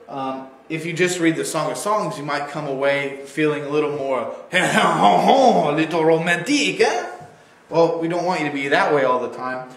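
A man's voice: a little high, reverberant. A man teaching a church Bible lesson on video in a casual, digressive way, playfully acting out quoted lines.

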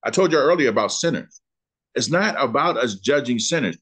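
A man, teaching a Bible lesson in sermon style, asking questions and slowing down to read scripture. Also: mid-range voice, expressive, a bit bright, slightly rough. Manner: preacherly, asks questions and answers them, slows down on scripture.

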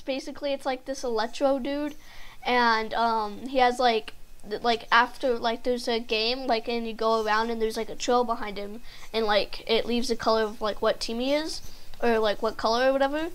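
A young woman giving casual, excitable commentary while playing a video game with a friend, full of fillers and sudden yelps. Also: a little high. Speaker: gaming video host.

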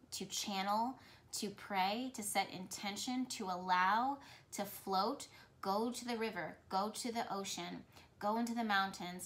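Speaking directly to her viewers, a spiritual reader gives an intuitive message to camera in a flowing, repetitive, earnest way. Her voice is mid-range and a bit bright.

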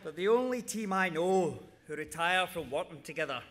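A man's voice: high voice, lively intonation, moderate pace. A man giving an earnest, heartfelt tribute speech with cheeky humour. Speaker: award presenter. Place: large ceremony hall. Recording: reverberant hall, faint noise.

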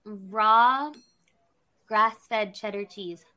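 A woman co-hosting a podcast in casual chat, playful and quick to react. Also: mid-range voice, bright, forceful tone. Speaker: podcast co-host.

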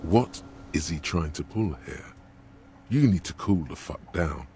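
A very deep, ominous inner voice. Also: male voice, animated, a little slow, noisy background. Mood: mocking. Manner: commanding, mocking, ominous narration. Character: grave male inner voice narrating the game. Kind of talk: video game narration. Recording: game music underneath. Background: game music.

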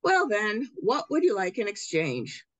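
A woman's voice: medium pitch, very animated, a little slow, no echo, pitched above the performer's own voice. A woman reading aloud as a greedy, fretful shopkeeper in a storybook, placating and anxious. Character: greedy middle-aged male shopkeeper, fretful.

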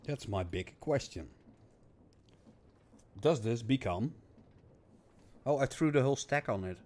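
A man with a hoarse, coughing voice, muttering to himself in casual gameplay commentary and breaking into frustrated outbursts. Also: medium pitch, expressive, unhurried, darkish tone. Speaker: gaming streamer.

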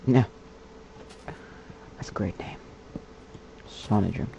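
A man giving casual gameplay commentary in a put-on character voice, muttering, whispering and chatting to the animals on screen. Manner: puts on a slow, low, gravelly character voice. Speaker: gamer. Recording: dull lo-fi mic with faint hiss.

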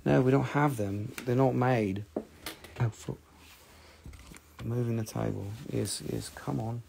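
A man hosting a live sales stream, chatty, profane and excitable, his voice getting scratchy after hours of talking. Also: medium pitch, a little slow, gravelly. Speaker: host selling rocks and gems on a live stream.

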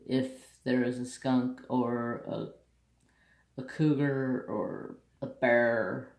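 A man's voice: mid-range voice, a little mellow, reverberant. A man hosting a craft channel, telling a country story bluntly and saltily in casual chat. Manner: blunt, salty rural storyteller.

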